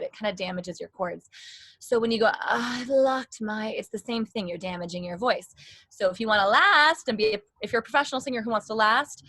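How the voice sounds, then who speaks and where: A young woman giving a casual singing lesson, excited and rambling, with sung demonstrations. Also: medium pitch, no echo. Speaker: singing teacher.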